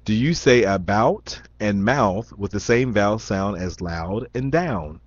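Low-voiced chatty man, Southern Indiana accent. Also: measured pace, no echo. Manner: chatty and rambling, with many ums, restarts and laughs. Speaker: vlogger. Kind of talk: casual accent-tag talk reading questions aloud. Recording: dull lo-fi sound, dry.

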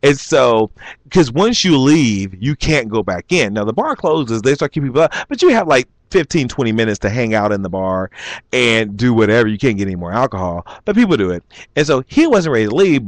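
Man, casual storyteller, lively swooping pitch, dry close sound, chuckles, acts out the voices. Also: no room sound. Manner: animated, chuckling, acts out quotes. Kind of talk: casual anecdote telling.

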